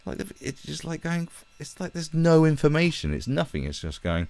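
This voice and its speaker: A man's voice: on the high side, normal speed, creaky, hardly any pauses, no echo. A young British man on a live stream, ranting heatedly and swearing as he talks from his own room. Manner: profane, animated, heated.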